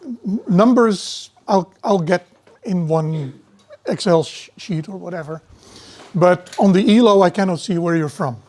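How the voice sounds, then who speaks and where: A middle-aged man giving a university lecture in a relaxed, digressive way, often restarting his sentences. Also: high voice, unhurried.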